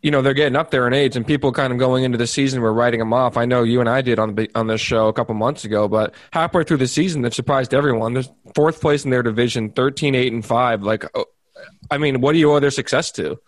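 A man's voice: medium pitch, steady tone, quick pace, dry recording. A man hosting a talk show, asking questions in a conversational way. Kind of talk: casual chat, asking questions.

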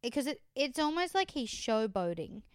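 A woman's voice: high voice, big pitch swings, normal speed, clean tone, no echo, studio quality. A woman co-hosting a podcast, carefully explaining and correcting details of a TV show. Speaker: podcast co-host. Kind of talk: casual chat recapping a TV show.

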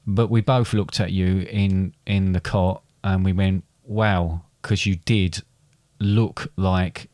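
A middle-aged man tells a family story as podcast co-host, often stumbling and repeating words. His voice sits on the low side. The recording is close and dry with no room sound. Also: fairly even intonation, takes it slowly, hardly any pauses, a little mellow, no echo. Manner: hesitant, repeats words, gets choked up. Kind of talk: casual storytelling chat.

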